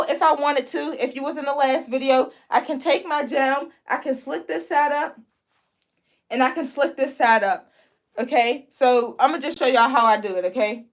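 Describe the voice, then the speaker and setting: A young woman from Pennsylvania with a Pennsylvania accent, chatting with viewers as she teaches braiding on a livestream. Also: sits high. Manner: chatty, talks to viewers as "y'all". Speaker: braiding instructor hosting a livestream. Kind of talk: live tutorial with chat reading.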